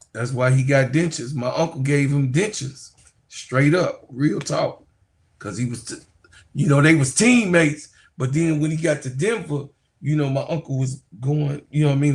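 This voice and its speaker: Male streamer, unhurried chatty storyteller, gravelly fry, laughs through his anecdotes. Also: on the high side. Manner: rambling, laughs often, addresses viewers as y'all. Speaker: sports YouTuber talking to viewers. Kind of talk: casual livestream storytelling.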